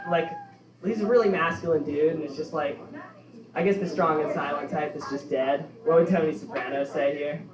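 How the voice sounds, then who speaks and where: A young man doing a stand-up set, halting and offhand, with lots of fillers. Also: fairly high pitch. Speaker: stand-up comedian. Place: comedy club stage. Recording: echoey, dull room recording from far off. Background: audience laughter.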